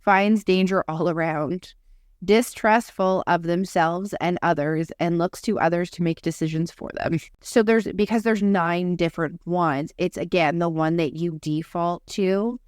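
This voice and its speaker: A woman's voice: on the low side, a little slow, clean tone, no echo, clean studio sound. A young woman co-hosting a podcast, chatty and swearing casually while reading lists aloud. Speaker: podcast co-host. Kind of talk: casual chat.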